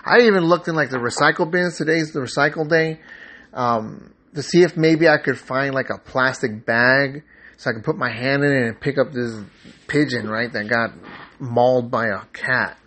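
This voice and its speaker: Guy rambling earnestly through a faith story, lots of ums and restarts, mid-pitched voice. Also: normal speed. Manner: animated when retelling his own thoughts. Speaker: podcast host. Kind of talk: casual spiritual storytelling.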